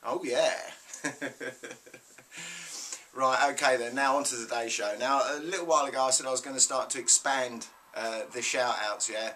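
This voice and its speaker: A man with a British accent hosting a casual vlog of shout-outs, enthusiastic and checking in with "yeah?" as he talks. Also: medium pitch, fairly even intonation, normal speed, slight background noise. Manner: enthusiastic, keeps adding "yeah?". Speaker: YouTube host.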